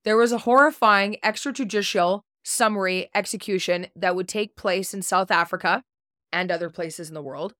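A woman's voice: medium pitch, normal speed, fairly bright tone, dry recording, studio quality. Blunt, cussing woman podcast host. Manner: blunt, swears casually, unsure on names. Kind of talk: reading a prepared true-story segment.

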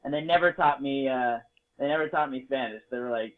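A man from Las Vegas telling a story in a casual chat, swearing freely, joking and getting animated. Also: medium pitch, fairly quick. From Las Vegas, United States. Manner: profane, jokey and animated. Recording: tinny phone-like sound.

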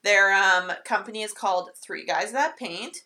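A woman's voice: medium pitch, normal speed, bright, forceful tone. A woman co-hosting a casual movie review podcast, wry and joking. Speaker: podcast co-host.

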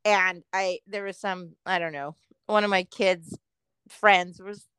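A woman's voice: on the low side, steady tone, slow pace, a bit bright, clear, resonant tone, no room sound, poor audio. A middle-aged woman co-hosting a podcast in casual chat, talkative and laughing often as she quotes people. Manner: chatty, laughing often, quoting others in voices. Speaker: podcast co-host.

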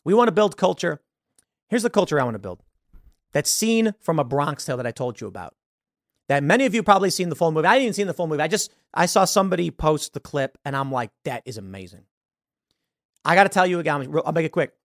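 A man's voice: fairly high pitch, fast, no echo, studio quality. A man hosting a solo commentary segment, talking through a story and acting out the quoted voices. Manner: animated, acts out quoted voices. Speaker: host.

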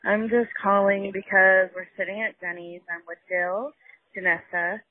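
Grateful woman, husky voice over phone. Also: mid-range voice, fairly even intonation, moderate pace, no room sound. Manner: grateful, heartfelt. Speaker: caller to a podcast hotline. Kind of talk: voicemail message. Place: restaurant. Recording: tinny phone line.

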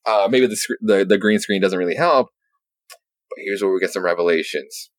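A man casually recapping a story as a podcast host, rambling with lots of fillers and swearing, telling it with animated energy. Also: low-pitched, normal speed, no echo. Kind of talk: casual chat.

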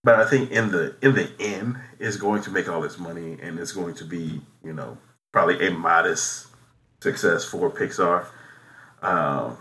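Deep, bright-toned man musing on movies. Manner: halting, many fillers and restarts, musing. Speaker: podcast co-host. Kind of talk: casual movie podcast chat.

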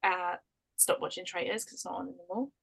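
A woman's voice: lowish voice, steady tone, quick pace, gravelly, husky. A woman co-hosting a podcast, casual, playful and giggly. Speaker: podcast co-host.

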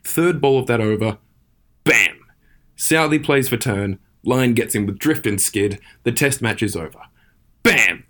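A man's voice: medium pitch, normal speed, hardly any pauses. A man giving a punchy, dramatic recap as a correspondent sending in a recorded report.

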